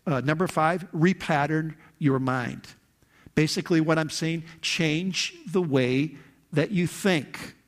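A middle-aged man preaching a sermon to a congregation, shifting from slow, quiet confiding to loud, high-pitched outbursts. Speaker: pastor. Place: church hall before a congregation.

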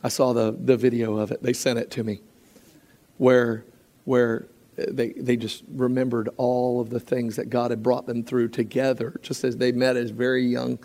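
A man preaching a sermon, telling lively stories and acting out quotes, with frequent restarts. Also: medium pitch, moderate pace. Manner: animated storytelling with acted quotes and frequent restarts.

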